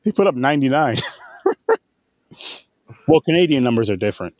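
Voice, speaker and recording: A man hosts a casual podcast chat, rambling through asides with plenty of swearing. His voice sits at an everyday middle pitch. It sounds close and dry, with no room echo. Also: sing-song, moderate pace, a little mellow. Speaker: podcast host.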